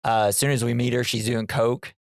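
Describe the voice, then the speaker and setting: A man's voice: medium pitch, level tone, brisk, no room sound, clean studio sound. A man with a Southern American accent co-hosting a podcast, recapping a movie in rambling casual chat with frequent laughs. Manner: rambling, laughs often, self-interrupting. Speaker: podcast co-host.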